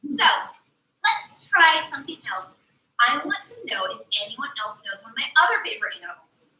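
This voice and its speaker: A young woman performing as a mermaid, teaching children in an animated, sing-song way at a live aquarium show. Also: high-pitched, a little fast. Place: aquarium tank area with audience. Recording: echoey room from far off, faint ambience.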